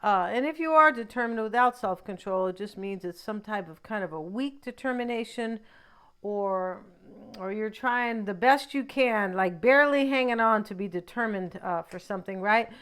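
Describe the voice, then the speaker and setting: A woman's voice: medium pitch, moderate pace, fairly bright tone, clear, resonant tone. A woman giving a casual tarot card reading. She talks in a rambling, chatty way, drifting into asides and often tagging her thoughts with a questioning "right?". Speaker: tarot reader.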